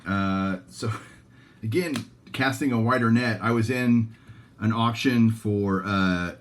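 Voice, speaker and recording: A man's voice: fairly low pitch, slow, a little hiss or hum. A man hosting a card collecting channel, chatting casually to camera and rambling through asides and restarts. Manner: candid and chatty with viewers.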